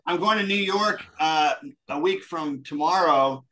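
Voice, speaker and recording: A man telling a joke and chatting as a podcast guest in an animated, friendly way. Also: a little high, unhurried, slight background noise. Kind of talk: casual storytelling and chat.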